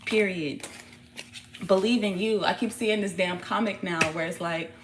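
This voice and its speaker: A woman giving a casual tarot reading, talking in a blunt, profane, animated way full of slang. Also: mid-range voice, unhurried, background noise. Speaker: tarot reader.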